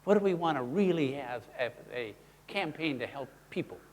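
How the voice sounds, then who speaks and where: A man leads a teaching seminar and acts out his points in little character voices. His voice sits a bit high for a man and swoops widely from phrase to phrase. A long echo from the hall trails each sentence. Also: normal speed. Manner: animated, acts out examples in voices. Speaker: seminar presenter. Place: presentation room.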